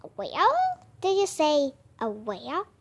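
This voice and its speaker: Woman reader as a cautious young boy, thoughtful, earnest, storybook voice, high, slow. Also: sing-song, gravelly, fairly bright tone, full character voice. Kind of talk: storybook read-aloud.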